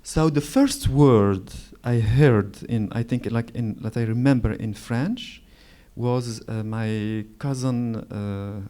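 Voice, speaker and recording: Speaking on stage at a literary event, this man in his forties from Morocco shares reflective stories; Moroccan Arabic is his first language. His warm, mid-range voice moves slowly, and he often pauses, restarts, and hunts for words.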